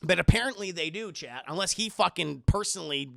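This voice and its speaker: A man recapping a film live for his stream chat, profane, joking and animated. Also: high-pitched, fairly quick, creaky.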